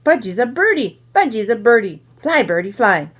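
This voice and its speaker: A woman voicing a small excitable toddler boy who talks in babyish, sing-song repeats. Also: on the high side, normal speed, slightly rough, full character voice. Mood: playful.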